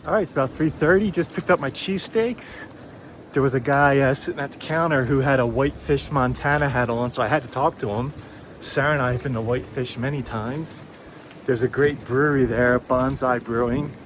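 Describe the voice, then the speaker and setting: Relaxed chatty man outdoors in town. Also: medium pitch, fairly quick. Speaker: thru-hiker vlogger. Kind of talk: casual vlog narration. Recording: outdoor street noise.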